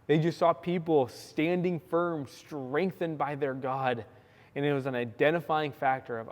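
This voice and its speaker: A young man from California preaching a sermon, telling a story with lively acted-out quotes. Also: fairly high pitch, unhurried. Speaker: pastor. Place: church sanctuary. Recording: long church hall reverb.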